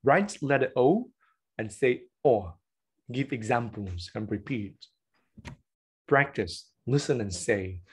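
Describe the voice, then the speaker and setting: Slow, husky man leading a teacher workshop. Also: mid-range voice, lively intonation. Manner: repetitive, encouraging, with frequent "all right" and "okay". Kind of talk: online teacher-training session. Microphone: video call.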